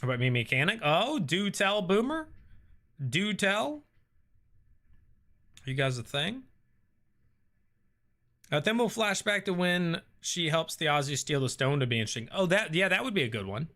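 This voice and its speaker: Bright-voiced man reading live chat. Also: fairly high pitch, fairly quick. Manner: relaxed, thinking aloud with many ums and uhs. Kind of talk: casual live-stream chat.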